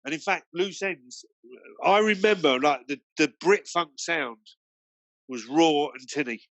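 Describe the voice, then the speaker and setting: A man's voice: a little high, a little slow, fairly bright tone, no echo. A man from Britain, a guest DJ, telling anecdotes in a rambling way full of fillers and restarts. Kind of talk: anecdotal storytelling in a conversation.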